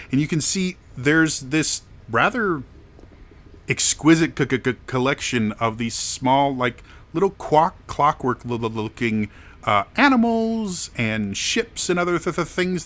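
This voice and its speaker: Guy dm narrating, stutters a lot on word starts, normal pitch. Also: a bit bright. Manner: heavy stutter on first sounds. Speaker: game master. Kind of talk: narrating a tabletop game.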